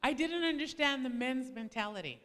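Animated high bright-voiced woman preaching. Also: normal speed, long reverb tail. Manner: animated storytelling, acting out quoted arguments with big pitch swings. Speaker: preacher's wife speaking to a congregation. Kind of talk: sermon-style personal testimony.

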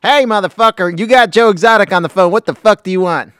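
A man's voice: sits high, fast talker, clear, resonant tone, dry recording, studio quality, voice pushed up. A man doing a crude, cursing tough guy. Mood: hostile. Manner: aggressive, cursing, loud. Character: crude, brash tough-talking man on a prison phone.

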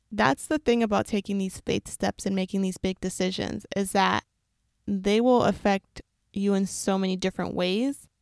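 A young woman shares a personal faith testimony in an earnest, reflective manner, sometimes hurrying through runs of words. Her voice carries a gravelly fry. The sound is dry and close, with no room around it. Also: mid-range voice, darkish tone, dry recording.

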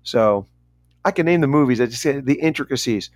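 A man's voice: medium pitch, lively intonation, fairly quick, a little mellow, no echo. A man co-hosting a casual podcast chat, rambling, stumbling over names and making self-mocking asides. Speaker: podcast co-host.

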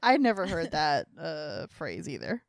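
A woman in a relaxed podcast chat who answers her co-host with short reactions and asides. She speaks slowly, and her pitch swings widely. Her voice sounds dry and close to the mic. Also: creaky, no echo. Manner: reactive listener, quick comments and laughs. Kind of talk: casual chat.

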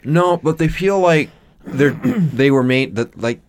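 A young man co-hosting a casual movie-review podcast, jokey and laughing often, quick to apologize. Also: on the high side, animated, a little hiss or hum. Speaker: podcast co-host.

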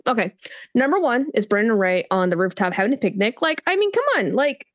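A woman's voice: on the high side, a little fast. A woman co-hosting a book podcast, chatting casually and acting out scenes in little voices. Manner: animated, gushing, acts out scenes in voices. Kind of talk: casual chat.

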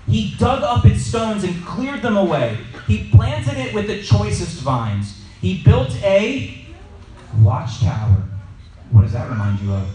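In a casual Bible study, a man with a fairly high voice teaches a group, telling lively stories and putting questions to his listeners. The room is echoey, the mic sits at a distance, and there's a little hiss or hum.

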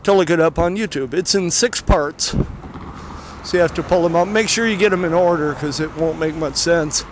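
A man walking fast and a little out of breath, rambling casually with many fillers as he introduces clips. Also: fairly high pitch, a little hiss or hum. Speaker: podcast host. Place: outdoors near traffic.

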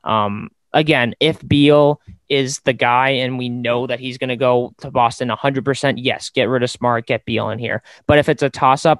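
A man's voice: medium pitch, clean tone, dry recording. Sports podcast guy rambling his takes, lots of ums, dry mic. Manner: rambling, opinionated, with many fillers. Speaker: podcast host. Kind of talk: casual sports podcast chat.

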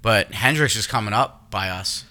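A man's voice: fairly low pitch, moderate pace, bright, forceful tone. A man co-hosting a podcast, chatting casually and loosely, swearing and trailing off with fillers. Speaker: podcast co-host. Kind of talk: casual chat.

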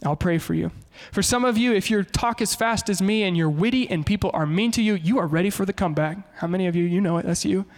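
Animated man preaching in a reverberant hall. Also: high voice, fast, hardly any pauses. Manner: animated, shifts into quoted voices. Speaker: pastor. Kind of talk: sermon.

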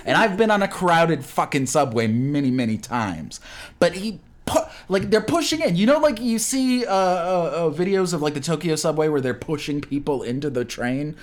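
Man co-host, heated profane rant, pitch leaping all over. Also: animated, normal speed. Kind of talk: casual ranting chat.

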